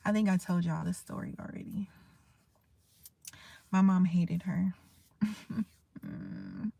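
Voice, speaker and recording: A woman's voice: lowish voice, steady tone, unhurried, creaky, warm tone, no room sound. A woman in her thirties, vlogging in a candid, emotional, rambling way and chatting casually to her viewers. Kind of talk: casual heartfelt chat to camera.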